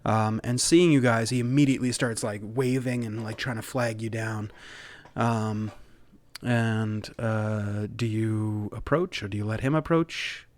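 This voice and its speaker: A man's voice: on the low side, fairly even intonation, unhurried. A man narrating as game master in a casual, rambling way, with many fillers.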